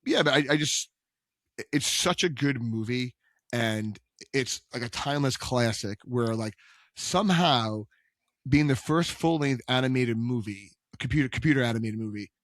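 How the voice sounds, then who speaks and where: A man's voice: mid-range voice, normal speed, fairly bright tone, no echo. Young male podcast co-host, mid-range voice, dry close mic, rambling with fillers. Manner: rambling, many restarts and fillers. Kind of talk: casual chat.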